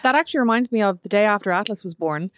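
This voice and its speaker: A woman's voice: medium pitch, dry recording, clean studio sound. A woman chatting casually with her sister, teasing and chiming in. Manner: quick teasing interjections. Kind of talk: casual chat.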